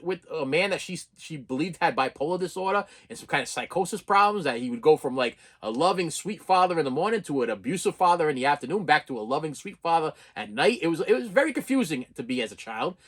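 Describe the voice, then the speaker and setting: Here a vlogger in his fifties speaks in a slightly high voice, venting emotionally and rawly about personal matters to camera. His delivery is full of stammering restarts and phrases said over and over.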